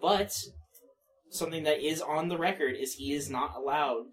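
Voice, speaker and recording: A man's voice: a little high, normal speed, a bit bright, far from the mic, poor audio. A young man co-hosting a podcast, chatting casually with a wry, teasing manner. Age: young adult. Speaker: podcast co-host. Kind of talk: casual chat.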